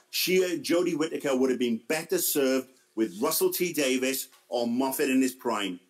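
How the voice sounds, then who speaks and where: A man's voice: medium pitch, expressive, normal speed, few pauses, rough recording. A man co-hosting a podcast, ranting angrily and swearing freely. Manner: angry, profane ranting. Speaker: podcast co-host. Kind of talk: casual podcast chat.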